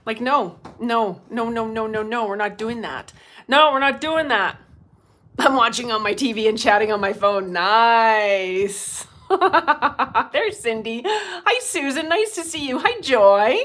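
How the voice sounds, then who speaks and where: A middle-aged woman with a fairly high voice chats casually on a livestream into her phone. She laughs often and greets viewers one by one in a lively, friendly way. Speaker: medium hosting a livestream.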